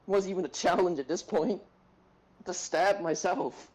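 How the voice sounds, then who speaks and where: A man's voice: sits high, a little slow, darkish tone, low-quality recording. A man playing a tabletop game, ranting with raw emotion and heavy swearing in casual chat.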